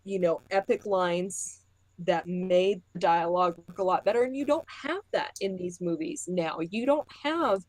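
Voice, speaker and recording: A woman's voice: lowish voice, normal speed, a little mellow, no echo, rough recording. A woman co-hosting a casual podcast chat, thoughtful and opinionated. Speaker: podcast co-host.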